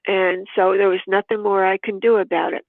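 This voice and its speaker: A woman's voice: mid-range voice, little pitch movement, a little fast, dry recording. An older woman, a podcast guest, telling a heartfelt personal story in an earnest, devout way and acting out remembered dialogue. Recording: tinny phone-like line, dry.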